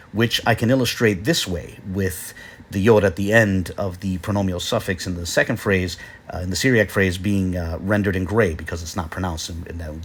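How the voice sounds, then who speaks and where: Male lecturer-narrator, measured and explanatory, breathy lower voice, hesitant fillers. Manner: measured, explanatory, with frequent "uh" pauses. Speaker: video lecturer.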